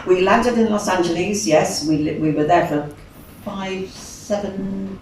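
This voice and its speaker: A woman's voice: medium pitch, unhurried, slight background noise. An older woman with a Birmingham accent, a singer chatting as an interview guest, telling stories animatedly with frequent laughs. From England. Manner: chatty, animated, laughs often, acts out other voices. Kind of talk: casual storytelling interview. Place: venue room. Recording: distant mic in echoey room.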